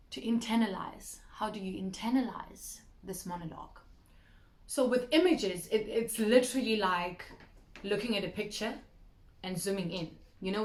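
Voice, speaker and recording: Woman, 30s, acting coach; lively direct-to-camera teaching; mid-pitched voice, echoey room. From South Africa. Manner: lively and explanatory, addressing viewers directly. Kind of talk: talk to camera in an acting masterclass. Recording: roomy echo.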